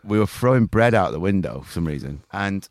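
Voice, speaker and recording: A man's voice: low voice, expressive, brisk, no echo, studio quality. A man, co-hosting a crude comedy podcast and rambling through jokey stories. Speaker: podcast co-host. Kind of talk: crude casual chat.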